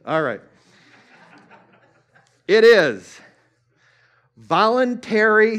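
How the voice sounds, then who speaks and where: A male pastor preaching a sermon at a church service, repeating phrases for emphasis and swinging between loud and hushed. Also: high voice.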